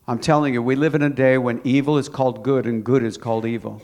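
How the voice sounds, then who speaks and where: A male preacher delivers a sermon in an everyday mid-range voice. He urges his listeners again and again, repeating key phrases. He swells into forceful emphasis at his strongest points. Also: mid-range voice, steady tone, fairly quick. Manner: emphatic, repetitive exhortation with rising intensity.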